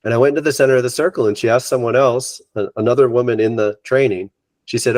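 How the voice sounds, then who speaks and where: A middle-aged man, a yoga teacher, telling a personal story in an interview in an animated way and acting out what others said. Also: mid-range voice, fast, no room sound.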